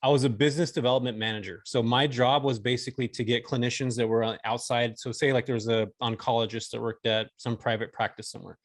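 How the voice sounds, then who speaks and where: Speaking quickly with hardly any pauses, a fortysomething Californian guest tells a laid-back, slang-heavy story on a podcast, using "dude" and "bro." His mid-range voice stays fairly even in intonation. No room sound is audible in this casual interview.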